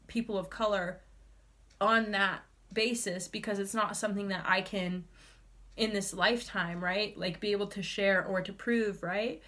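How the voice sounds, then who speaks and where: A woman's voice: medium pitch, a bit bright. A young woman giving a casual tarot reading, emotional and rambling, full of fillers and restarts. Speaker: tarot reader.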